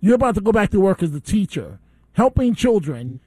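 A man's voice: sits high, big pitch swings, brisk, a little mellow, husky, no echo. A man hosting a call-in radio talk show, ranting indignantly and taking calls.

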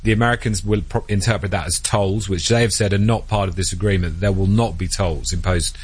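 A man reporting as a news correspondent in a very low, husky voice. He talks in a measured, analytical way, pausing now and then to find the right word as he weighs up a developing story. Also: steady tone, no echo. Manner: measured, analytical, with occasional hesitations. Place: Washington.

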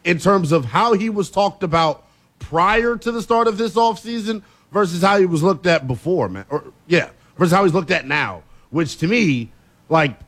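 A man hosting a sports talk radio show, emphatic and quick to laugh as he argues his takes. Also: high voice. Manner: animated, emphatic, laughs easily.

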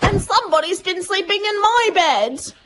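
Woman voicing a fussy mama koala, shrill whining tone, very high, hiss in the background. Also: lively intonation, moderate pace. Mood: whiny. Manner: high whiny voice, cooing.

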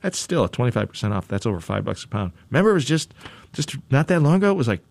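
A man's voice: mid-range voice, sing-song, racing, vocal fry, darkish tone, no room sound. A man hosting a news chat show, talking casually with a wry, joking edge. His voice rises and falls a lot as he repeats phrases for emphasis, recorded close and dry. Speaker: radio show host.

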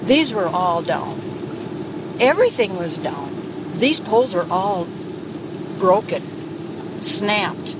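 An older woman, a local resident, speaking slowly and emphatically in a moving car. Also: mid-range voice, sing-song. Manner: slow, emphatic, plainspoken. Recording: car noise behind, field recording.

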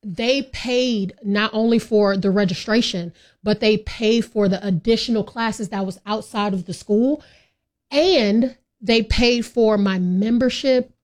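A woman from California joins a radio show as a guest. She is lively and chatty and laughs easily, speaking at a middle pitch. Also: unhurried. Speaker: guest, drug and alcohol counselor. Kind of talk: radio interview.

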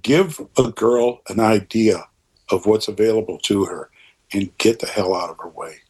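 An older man in an interview conversation, talking in an earnest, rambling way with animated asides, his voice a little husky. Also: fairly low pitch, moderate pace.

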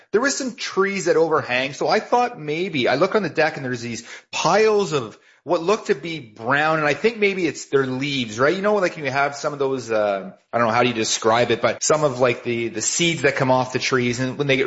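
A man, a radio co-host telling a relaxed, meandering anecdote. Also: medium pitch, normal speed, few pauses. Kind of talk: casual storytelling on radio. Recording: dull lo-fi radio broadcast.

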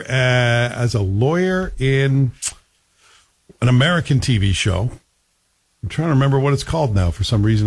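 A man's voice: medium pitch, breathy edge. A man giving a casual spoken TV review in a wry, conversational way, often asking the listener questions.

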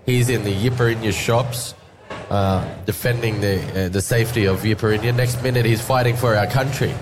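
A man's voice: on the low side, steady tone, a little fast, background noise. A man with an Australian accent hosting a casual outside radio broadcast, laid-back and slangy. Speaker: radio host. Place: shed at an outdoor showground.

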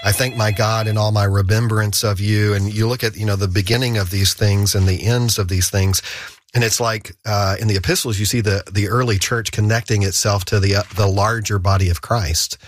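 Man, lowish voice, earnest, rambling, fillers, radio studio guest. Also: fairly even intonation, fairly quick. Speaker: radio station leader and guest. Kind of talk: casual on-air chat.

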